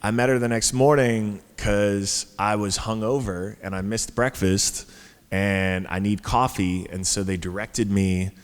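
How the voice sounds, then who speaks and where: A man's voice: fairly low pitch, fairly even intonation, unhurried, clean tone. A man telling a story on a conference stage in a casual, chatty way, full of fillers and restarts. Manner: chatty, lots of fillers and restarts, laughs at his own story. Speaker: panel guest. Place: conference stage before an audience. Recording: hall reverb from a live stage.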